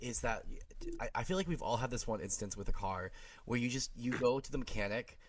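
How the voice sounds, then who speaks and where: A man co-hosting a podcast in casual chat, animated, laughing often and swearing freely. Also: mid-range voice, brisk, distant mic, a little hiss or hum. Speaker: podcast co-host.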